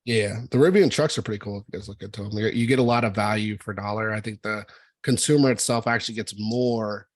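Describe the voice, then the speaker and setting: A man hosting a casual trading meeting, talking through charts in a relaxed, rambling way with lots of fillers. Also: fairly low pitch, fast, dry recording. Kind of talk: casual market discussion.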